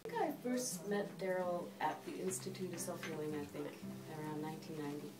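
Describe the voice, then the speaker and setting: Woman softly remembering a friend, echoey. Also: fairly low pitch, lively intonation, quick pace. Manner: reflective, earnest, hesitant. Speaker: friend speaking at a memorial. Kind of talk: heartfelt personal remembrance. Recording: roomy, distant, loud music behind.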